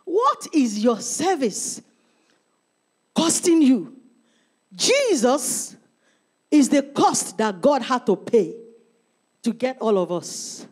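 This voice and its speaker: Lively high-pitched woman pastor preaching. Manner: emphatic, calls out to the congregation by name. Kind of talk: sermon.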